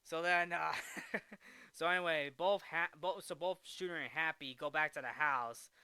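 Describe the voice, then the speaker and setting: Bright-voiced man rambling through a film recap. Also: a little high, moderate pace, clear, resonant tone, no echo. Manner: rambling, frequent restarts and fillers.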